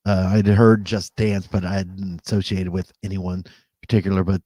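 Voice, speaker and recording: A man's voice: low-pitched, flat delivery, normal speed, warm tone, no room sound. Rambling podcast guy, dry sound. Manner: rambling, self-correcting, laughs at himself. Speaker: podcast co-host. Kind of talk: casual chat.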